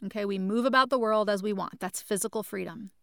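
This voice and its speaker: A woman's voice: medium pitch, quick pace, gravelly, a bit bright, no echo, clean studio sound. A woman hosting a spoken lesson, talking emphatically and repeating key points while addressing listeners as friends. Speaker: podcast host teaching about mental health. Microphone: studio microphone.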